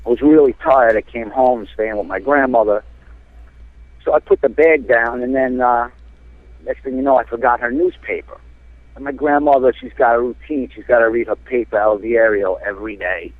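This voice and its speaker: A man from New Jersey, calling in and telling a rambling, animated story with lots of fillers. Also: mid-range voice, normal speed, no echo. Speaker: caller. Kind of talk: casual storytelling. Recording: tinny phone line.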